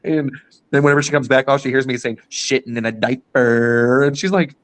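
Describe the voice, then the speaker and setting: A man's voice: medium pitch, brisk. A man co-hosting a casual podcast who tells stories animatedly, laughs a lot and swears freely. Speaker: podcast co-host.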